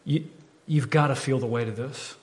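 This pastor, a man in his thirties, delivers his sermon in a mid-range voice at a moderate pace. Earnest and candid, he repeats words frequently for emphasis, and the church sanctuary lends a long, reverberant hall sound.

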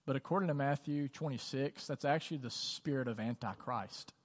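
A man's voice: medium pitch, brisk. A man preaching a sermon as pastor, conversational and earnest, repeating phrases for emphasis. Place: church sanctuary. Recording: long church reverb.

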